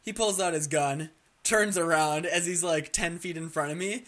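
An excitable young man tells gaming stories on a casual chat show. His voice sits a bit high, and he keeps restarting sentences and swearing as he gets carried away. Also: normal speed. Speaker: co-host.

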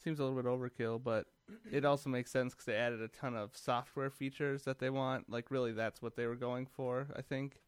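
A man's voice: mid-range voice, little pitch movement, fairly quick, few pauses, clean tone, dry recording. A man co-hosting a tech podcast, rambling casually with dry jokes. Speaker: podcast co-host. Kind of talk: casual chat.

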